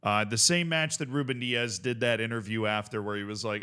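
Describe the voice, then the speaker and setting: Animated bright-voiced young man. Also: lowish voice, fairly quick, hardly any pauses, clean tone. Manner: animated, rambling, swearing, bursts of laughter. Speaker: host. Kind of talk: casual commentary reacting to a video.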